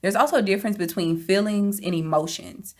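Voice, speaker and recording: A woman's voice: mid-range voice, brisk, a little mellow. A woman co-hosting a podcast, chatting casually and reflectively about her week, laughing easily. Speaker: podcast co-host. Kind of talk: casual chat.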